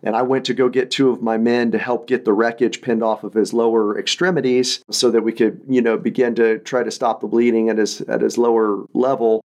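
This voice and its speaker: A man in his thirties, a veteran and podcast guest, recounting his past in an earnest, halting, reflective way with frequent restarts. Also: medium pitch, little pitch movement, darkish tone. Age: 30s. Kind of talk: personal storytelling in an interview.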